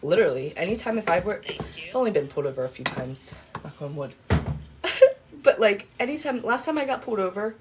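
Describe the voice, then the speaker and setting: A woman's voice: mid-range voice, very animated, fairly quick, very noisy. A young woman livestreaming, casually chatting and telling a long rambling story, swearing freely.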